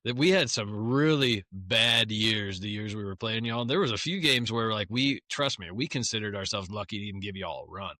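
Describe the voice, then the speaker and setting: A man's voice: on the low side, fairly quick, few pauses, sharp tone, dry recording, studio quality. A man hosting a casual podcast conversation and chiming in eagerly. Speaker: podcast host. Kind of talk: casual chat.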